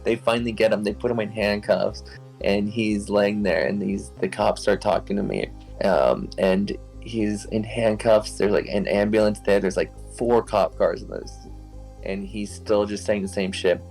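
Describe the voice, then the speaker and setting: A man's voice: fairly low pitch, steady tone, moderate pace, vocal fry, a little mellow, faint music behind, low-quality recording. A young man casually telling a wild story as an interview guest, rambling with lots of "like" fillers, swearing and laughing as he goes.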